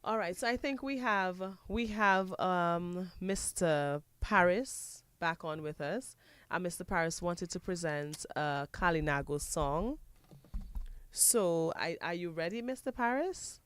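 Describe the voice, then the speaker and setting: A woman hosting a radio show, curious and brisk, repeating phrases back to her guest. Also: on the low side, clean tone, no room sound. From Dominica. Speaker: radio host. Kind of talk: casual radio talk. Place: radio studio.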